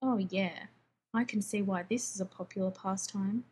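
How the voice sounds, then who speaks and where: A woman's voice: medium pitch, fairly even intonation, moderate pace, darkish tone, a little hiss or hum, natural voice. A woman voicing a grumpy, demanding male scientist who talks in a snappish, sarcastic way, read as part of a story.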